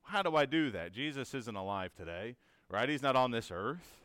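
A man's voice: medium pitch, expressive, normal speed, fairly bright tone, clean tone, no echo, studio quality. A man teaching a conversational Bible lesson in an earnest, encouraging way, asking many rhetorical questions and often checking in with "right?".

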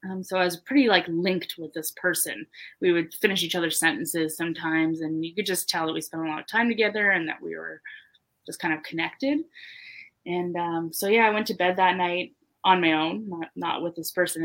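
A young woman co-hosting a podcast, telling a personal story in casual chat, full of "like" and "you know" and quick laughs. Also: on the low side, steady tone, fairly bright tone. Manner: chatty, lots of "like" and "you know", laughs often. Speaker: podcast co-host.

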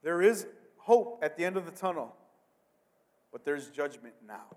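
A male pastor with a high voice delivers a sermon, dropping to near-hushed asides and then surging loud on key words, often repeating himself as he builds a point. His voice carries the long reverb of a large hall. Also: animated, moderate pace. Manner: dynamic preaching, swings between hushed and loud, repeats words.

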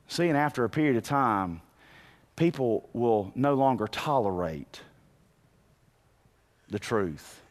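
Animated, lively-voiced man preaching. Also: mid-range voice, normal speed. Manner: animated preaching, rising to shouts, asks the congregation questions. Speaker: pastor. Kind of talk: sermon.

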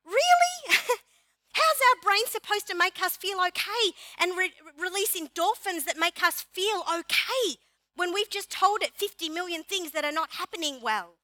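A woman pastor preaching a sermon in an animated, emphatic way, repeating key phrases for her congregation. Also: very high voice, moderate pace, no echo. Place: church.

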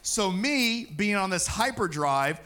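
A man preaching a personal testimony, telling his story in an animated way and acting out what he said. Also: high voice, takes it slowly.

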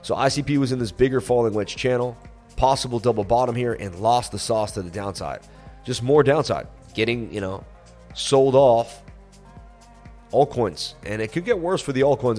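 A man hosting a crypto livestream, chatting casually and reading viewer messages in a relaxed, rambling way with lots of fillers. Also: mid-range voice. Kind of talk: casual livestream chat reading super chats. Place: on vacation in Florida.

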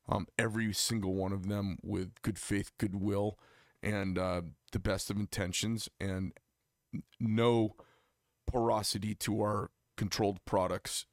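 A man's voice: low-pitched, vocal fry, dry recording, clean studio sound. Heated, emphatic American man hosting. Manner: heated, emphatic, rising to near-shouts of outrage with profanity. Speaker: podcast host. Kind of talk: casual political chat.

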